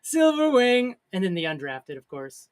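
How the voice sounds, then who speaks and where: High-voiced man joking around. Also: sing-song, normal speed. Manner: jokey storyteller, laughs often. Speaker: podcast co-host. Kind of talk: casual chat.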